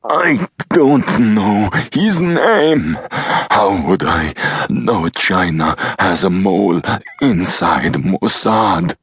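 A man reading as a defiant captive ambassador who mutters curses in a low, strained voice. The voice is extremely deep and gravelly, in a dry audiobook recording. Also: extremely slow, fairly bright tone, no echo, heavily acted. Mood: pained. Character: captive male Iranian ambassador, defiant, foul-mouthed.

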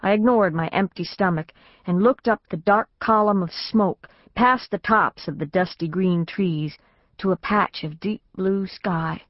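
A woman's voice: mid-range voice, measured pace, dry recording. A woman narrating a novel in the first person, in a plain storytelling manner. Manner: plain storytelling, lifts her voice for the family's lines. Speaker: audiobook narrator. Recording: dry, slightly dull studio recording.

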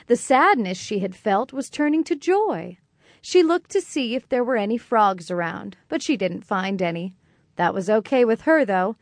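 A woman narrating a children's audiobook in a gentle, clear and expressive way. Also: medium pitch, dry recording.

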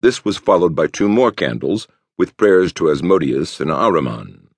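Brief: gravelly narrator with lively, rolling delivery, dry close-miked studio read. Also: male voice, low voice, moderate pace, dry recording. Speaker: audiobook narrator. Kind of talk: scripted narration.

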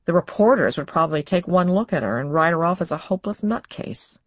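A woman's voice: lowish voice, lively intonation, quick pace, no echo, lo-fi sound. Woman narrating a suspense audiobook. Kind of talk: scripted narration.

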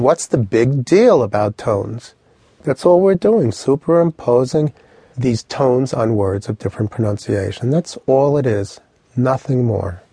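A man teaching an audio language lesson, explaining with lively, vivid storytelling and direct instructions. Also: mid-range voice, slightly rough, no room sound.

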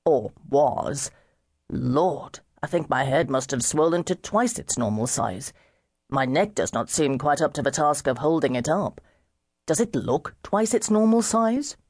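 Woman doing a boastful hungover young gentleman. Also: low-pitched, lively intonation, unhurried, no room sound, studio quality, exaggerated voice. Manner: boastful, then gloomy and complaining.

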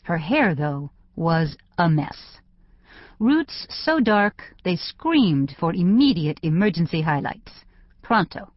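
A woman's voice: lowish voice, big pitch swings, slow pace, no room sound. A woman narrating a novel in first person, with wry conversational storytelling. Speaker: audiobook narrator. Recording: dry, slightly dull studio audio.

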